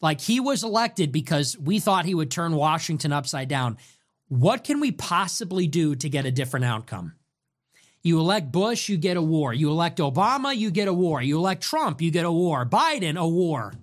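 In a fairly high, sing-song tone, a young adult show host delivers a fiery political rant. He swears at times and rattles off one rhetorical question after another.

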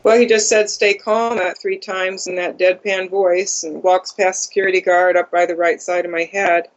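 Flat halting speaker, dull lo-fi audio. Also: mid-range voice. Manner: halting, many ums and uhs, flat monotone delivery. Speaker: interview guest. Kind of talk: first-person account in conversation.

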